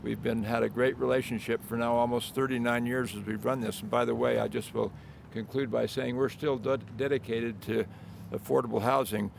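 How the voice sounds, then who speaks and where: Very gravelly older man reminiscing. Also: medium pitch, fairly even intonation, a little hiss or hum. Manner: halting, reminiscing, many restarts. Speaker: property developer speaking at event. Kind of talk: informal prepared remarks. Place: outdoor groundbreaking event.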